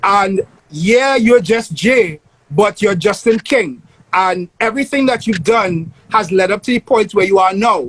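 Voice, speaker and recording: A man's voice: high-pitched, expressive, unhurried, fairly bright tone, dry recording, low-quality recording. A man hosting a casual interview, earnest and motivational. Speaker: host.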